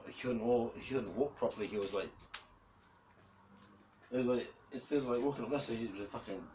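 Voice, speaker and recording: A man with a New Zealand accent chatting casually in a vlog, rambling, chuckling and swearing a lot. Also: lowish voice. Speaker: vlogger. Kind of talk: casual chat. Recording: distant mic with clear background noise.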